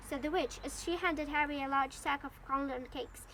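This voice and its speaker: A woman's voice: high-pitched, a little fast, few pauses, a bit bright, a little hiss or hum. A woman with Ukrainian as her first language reading a novel aloud in English, with occasional slips and restarts. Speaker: storybook reader.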